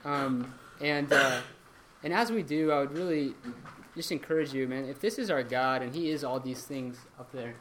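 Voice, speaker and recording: A man's voice: mid-range voice, normal speed, fairly bright tone, a little hiss or hum. A young man teaching a church Bible class in a conversational way, with many ums and restarts.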